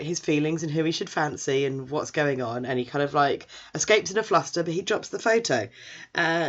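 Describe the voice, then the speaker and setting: A chatty anime recapper gives a casual episode recap, rambling and doing character voices. The voice is mid-range with a fairly bright tone, captured in a dull lo-fi recording.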